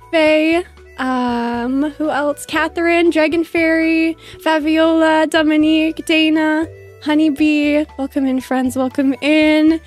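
A woman hosting a live stream, gushing and bubbly as she thanks her chat one by one. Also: high-pitched.

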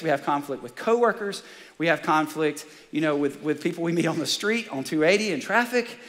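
Fired-up pastor, hall reverb. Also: male voice, a little high. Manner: energetic and excitable, fired up. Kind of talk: sermon. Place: large church auditorium.

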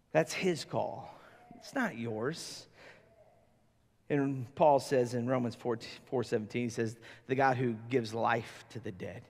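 A man's voice: fairly high pitch, gravelly, in a large hall. A man preaching a sermon as pastor, conversational and emphatic, often acting out how people would react. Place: church sanctuary.

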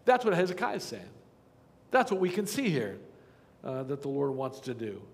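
A man's voice: medium pitch, wildly swooping pitch, moderate pace, big-room sound. A man preaching a sermon as pastor, earnest and pleading, often asking the congregation questions. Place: church sanctuary.

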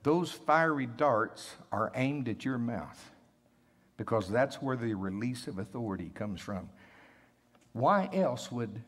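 A man's voice: mid-range voice, expressive, slow. A man pastor preaching a sermon who reads scripture aloud, then adds joking asides. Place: church sanctuary. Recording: long reverb of a church hall.

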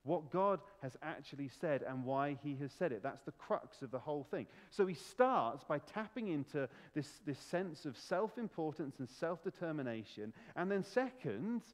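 A man's voice: fairly high pitch, animated, normal speed, hardly any pauses, in a large hall. A man preaching a sermon as pastor, emphatic and full of rhetorical questions. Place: church.

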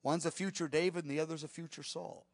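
A man preaching a sermon as a Bible teacher, telling the story with animated swings from soft to emphatic. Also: fairly high pitch, quick pace, no room sound.

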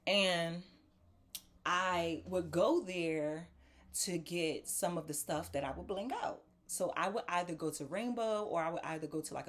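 A woman telling a casual story to viewers, acting out the voices of the people in it. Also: low voice. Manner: animated, acts out quoted voices; talks straight to viewers as "y'all". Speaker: talk show host.

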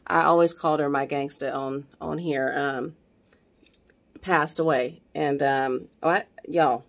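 A woman's voice: deep voice, fairly even intonation, slow pace, creaky. A middle-aged woman chatting to camera at home in a rambling way, slightly out of breath. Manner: rambling, chatty, lots of fillers and restarts. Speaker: vlogger. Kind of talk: casual chat to camera. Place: at home, indoors.

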